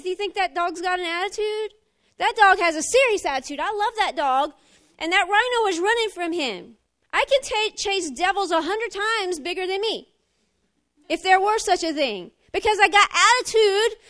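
A middle-aged woman preaching a sermon, animated, swinging from emphatic fire down to quiet talk. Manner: animated, rising to emphatic fire then dropping low.

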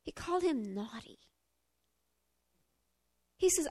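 High-pitched woman preaching a sermon, on the edge of tears, goes loud then soft and confessional. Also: a little slow. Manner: expressive and confessional, swinging from loud to hushed, tearful at times. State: close to tears. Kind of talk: emotional sermon.

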